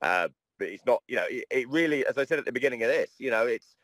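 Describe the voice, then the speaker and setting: A man's voice: medium pitch, expressive, fast talker, a bit bright, no echo. A man in casual podcast chat who speaks bluntly and swears freely.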